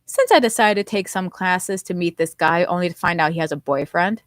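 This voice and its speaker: A woman's voice: on the low side, a little fast, no room sound, close to an everyday voice. A woman voicing a kindly middle-aged man who teases and fusses over a friend, in a dry, close recording. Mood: cheerful. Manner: warm, fussing, teasing tone.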